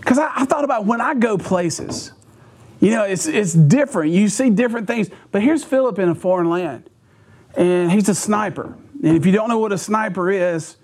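A man preaching a sermon, telling personal stories in an animated way, chuckling and restarting phrases. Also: high-pitched, moderate pace, breathy edge. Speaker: pastor.

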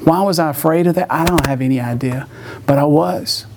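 A middle-aged man preaches to a young crowd in a slightly higher-than-usual voice. He tells personal stories loosely and warmly, with self-mocking asides and little acted-out voices. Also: brisk, noisy background. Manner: storytelling with jokes, acts out voices. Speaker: youth pastor. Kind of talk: sermon.

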